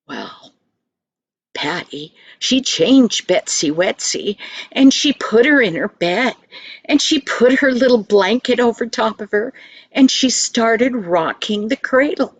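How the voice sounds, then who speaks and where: An older woman telling a children's story in a gentle, sing-song manner, speaking to the listener directly. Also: fairly high pitch, animated, takes it slowly, breathy edge, no echo, lo-fi sound.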